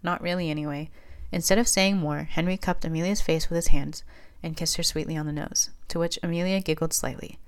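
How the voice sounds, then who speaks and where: Woman narrator, low register, steady plain storybook reading. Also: brisk, few pauses, smooth. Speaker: fanfiction reader.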